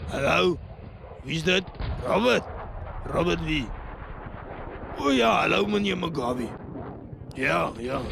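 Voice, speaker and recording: A man's voice: mid-range voice, gravelly, background noise, natural voice. A man with a South African accent playing a crude, swearing, laid-back mercenary soldier.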